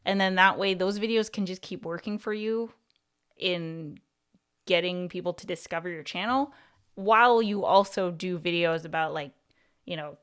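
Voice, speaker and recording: A woman's voice: fairly low pitch, a bit bright, clear, resonant tone. A woman hosting a livestream and giving casual advice, talking in a chatty way that is full of "like" and "you know" and restarting her thoughts. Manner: restarts and repeats words mid-thought. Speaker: YouTube coach and livestream host.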